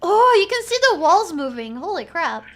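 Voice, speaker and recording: A woman's voice: very high-pitched, big pitch swings, normal speed, soft background music. A woman streamer giving casual, playful commentary while she plays a horror game and jokes with her chat. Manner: playful, jokey, talks to chat.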